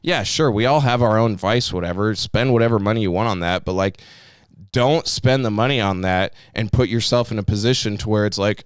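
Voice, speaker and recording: A man's voice: fairly low pitch, brisk, clean tone, no room sound, clean studio sound. A man in his twenties, co-host of a podcast, ranting heatedly with lots of swearing and mocking voices. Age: 20s. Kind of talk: profane ranting podcast talk.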